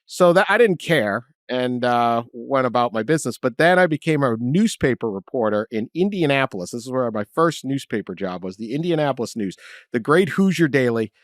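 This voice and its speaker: A man's voice: medium pitch, expressive, fairly quick, dry recording, studio quality. A middle-aged man from the Boston area, co-hosting a casual sports chat and telling rambling, self-deprecating stories with frequent laughter. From Boston area, Massachusetts. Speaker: podcast co-host.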